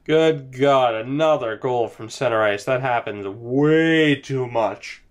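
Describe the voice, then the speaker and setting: Slow, sighing young man commentating a game. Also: medium pitch. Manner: drawling, sighing, yawning, resigned. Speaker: gaming commentator. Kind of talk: casual let's-play commentary.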